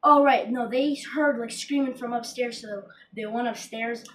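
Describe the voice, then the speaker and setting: A woman co-hosting a casual horror movie review, recapping the plot haltingly and searching for names. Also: on the high side. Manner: halting, many fillers and restarts, searching for names. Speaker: podcast co-host. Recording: distant mic with faint background noise.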